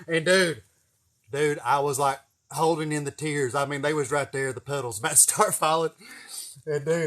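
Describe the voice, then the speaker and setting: A man's voice: fairly high pitch, fairly even intonation, moderate pace, a bit bright. A man in his forties with an East Tennessee accent, telling a rambling, profane, folksy story on his vlog. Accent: Southern US, East Tennessee. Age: 40s. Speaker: vlogger. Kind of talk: casual storytelling.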